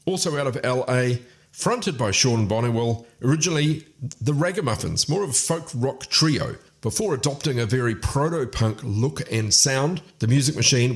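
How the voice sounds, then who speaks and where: A man hosts a weekly music radio show and podcast, talking at an ordinary middle pitch. He back-announces the records in a casual, informative way and runs through the band details. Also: fairly bright tone.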